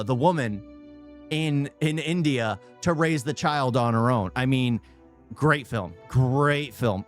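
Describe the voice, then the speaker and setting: A man giving casual, opinionated reaction commentary on a video, rambling, restarting and repeating his own phrases. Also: mid-range voice. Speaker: YouTube reactor.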